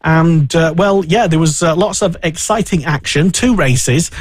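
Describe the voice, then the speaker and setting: A man's voice: on the high side, measured pace, no room sound. A man hosting a casual motorsport radio chat, talking in a rambling way with many fillers and restarts. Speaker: radio show host.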